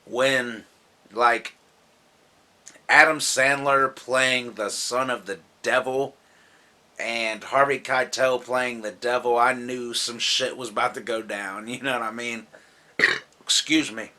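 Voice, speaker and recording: A man's voice: medium pitch, fairly even intonation, slow, pushed and bright. A man who says he is drunk, casually counting down his favorite comedies in a loose, rambling, profane way, laughing often. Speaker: movie vlogger.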